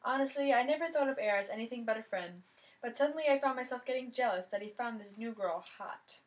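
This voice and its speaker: A woman's voice: on the high side, fast talker, low-quality recording. A woman reading a mystery novel aloud, telling the story in the first person with plenty of expression. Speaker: reader of a novel.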